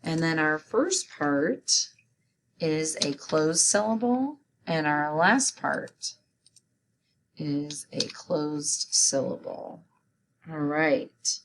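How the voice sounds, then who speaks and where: A woman's voice: sits low, animated, extremely slow, a little hiss or hum. A woman teaching a spelling lesson, carefully sounding out words letter by letter and syllable by syllable.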